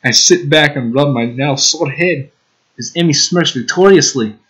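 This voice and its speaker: A man's voice: a little high, moderate pace, fairly bright tone, low-quality recording. A young man hosting a let's play, reading visual novel text aloud with casual, giggly asides.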